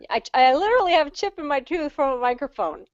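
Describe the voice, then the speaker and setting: A woman's voice: sits high, fast talker, no echo. Chatty woman vocal coach, dry dull audio. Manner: chatty, animated, self-deprecating teaching. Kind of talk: online webinar teaching. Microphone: handheld microphone on a stand.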